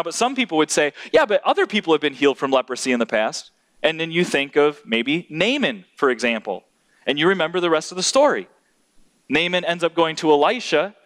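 A man preaching a sermon, swinging from high exclamations down to low, hushed emphasis. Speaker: pastor. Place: church hall.

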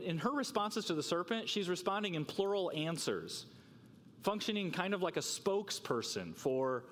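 A man's voice: high voice, long reverb tail. A man preaching a sermon, talking with rhetorical questions and repeating words as he works through a passage.

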